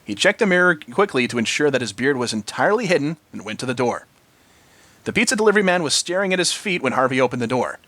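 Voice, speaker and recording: Animated male storybook reader. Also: mid-range voice, fast talker, dry recording. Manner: expressive, animated narration. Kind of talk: storybook reading.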